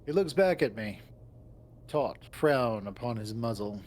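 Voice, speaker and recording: A man's voice: medium pitch, animated, unhurried, darkish tone, slight background noise. Wry man narrating a visual novel. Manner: wry first-person storytelling. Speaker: narrator and lead voice actor.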